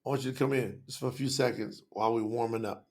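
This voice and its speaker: Gravelly, passionate man hosting a livestream. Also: medium pitch, steady tone, fast. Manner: passionate, addresses viewers directly in casual slang. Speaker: livestream host. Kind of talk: casual livestream talk.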